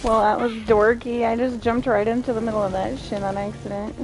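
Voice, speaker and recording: A woman's voice: a little high, level tone, brisk. A woman streaming a video game, chatting casually with her viewers, swearing freely, laughing often and ranting. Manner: profane, laughing, ranting to chat. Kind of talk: casual gameplay streaming chat. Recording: noisy background hiss.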